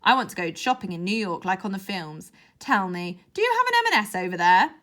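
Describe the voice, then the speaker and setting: A woman's voice: medium pitch, very animated, brisk, fairly bright tone. A woman voicing a chatty, homely mum in her late forties who talks in a breezy, gossipy way. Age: 40s.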